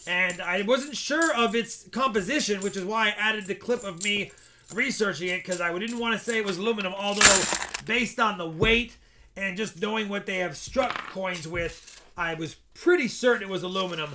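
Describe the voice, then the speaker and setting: Man, livestream host, casual chat, upbeat, high voice. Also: moderate pace, noisy background. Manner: upbeat, chatty, calls viewers brother. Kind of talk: casual livestream chat while coin roll hunting.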